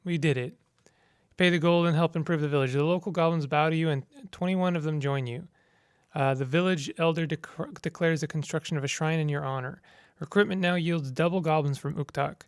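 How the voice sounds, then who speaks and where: A man's voice: fairly high pitch, brisk, clean tone, no echo, studio quality. A man giving casual gameplay commentary, reading the game's text aloud and mumbling through menu choices. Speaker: gamer.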